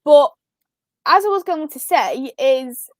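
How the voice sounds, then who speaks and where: High-voiced woman co-hosting football chat. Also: lively intonation, slow, no room sound. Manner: laughs often, runs through results. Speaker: football podcast co-host. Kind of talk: casual chat.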